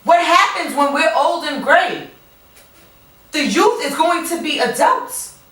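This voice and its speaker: A woman radio host with a slightly high voice talks effusively about faith, tripping over words and circling back. Her voice sits a little off-mic in a roomy space, with faint ambience behind it. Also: expressive, takes it slowly, a bit bright, distant mic. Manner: effusive, jokey, stumbles and repeats words. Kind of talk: emotional, faith-filled talk.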